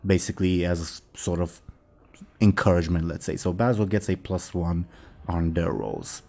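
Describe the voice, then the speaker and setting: A man running a tabletop role-playing game as game master, talking in a relaxed way with hesitant fillers. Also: sits low, moderate pace, gravelly.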